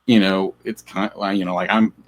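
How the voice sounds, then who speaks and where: A man's voice: low voice, flat delivery, brisk. A man in a casual roundtable chat who speaks hesitantly, searching for words. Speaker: podcast guest.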